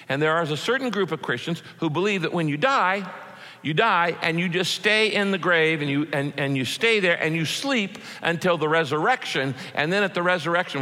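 Pastor guy preaching, bright voice that swoops up and down a lot, big echoey hall. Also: fairly high pitch. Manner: emphatic preaching, repeats key phrases. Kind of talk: sermon. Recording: echoey hall with long reverb.

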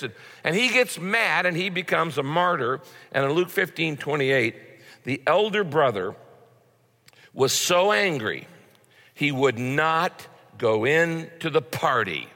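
Bright-voiced male preacher in a hall. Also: a little high, lively intonation, unhurried. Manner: conversational preaching with repetitions. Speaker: pastor. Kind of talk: sermon. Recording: long hall reverb.

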